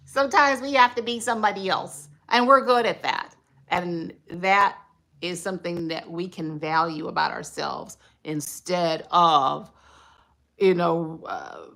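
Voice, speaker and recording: Hosting a relaxed home livestream, a woman muses through her thoughts conversationally, with plenty of fillers. Her voice is fairly low in pitch and a little bright.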